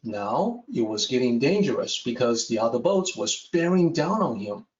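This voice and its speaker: A man teaching a Taoist text, telling a traditional story in a measured lecture style. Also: mid-range voice, far from the mic. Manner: slow, measured, with lively rises and falls. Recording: echoey room, dull sound.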